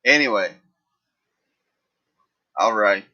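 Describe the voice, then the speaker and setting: A man's voice: on the low side, lively intonation, takes it slowly, bright, forceful tone, muffled recording. A man hosting a livestream, telling jokes in a rambling, folksy way. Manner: rambling, folksy, lots of fillers. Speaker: livestream host. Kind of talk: casual live-chat joke telling.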